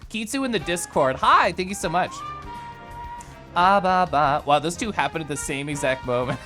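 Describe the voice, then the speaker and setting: Animated, giggly male streamer. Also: fairly high pitch, moderate pace, faint music behind. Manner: animated and giggly, playful voice swings. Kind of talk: casual chat with stream chat.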